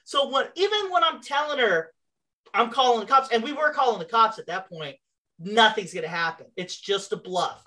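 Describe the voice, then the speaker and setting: Animated woman telling a workplace story. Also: fairly high pitch, normal speed. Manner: animated, swears, acts out both sides of a dialogue; exasperated, sarcastic. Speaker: storyteller on a talk show. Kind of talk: casual storytelling chat.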